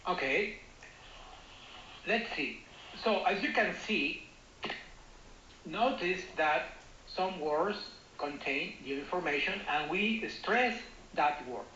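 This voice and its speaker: A man's voice: fairly high pitch, expressive, takes it slowly, long pauses, pushed and bright, roomy sound, lo-fi sound, slight background noise. A man teaching English, explaining patiently and often asking if students follow. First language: Spanish. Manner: explains patiently, checks understanding with repeated "okay?". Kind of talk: online class explanation.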